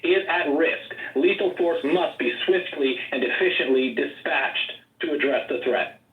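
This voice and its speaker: A man with a fairly high voice gives a forceful, rambling campaign speech and keeps talking over anyone who interrupts. The audio is a roomy online call with a lot of echo. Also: unhurried, narrow, tinny audio. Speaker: political candidate. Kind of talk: combative campaign speech in a group voice chat.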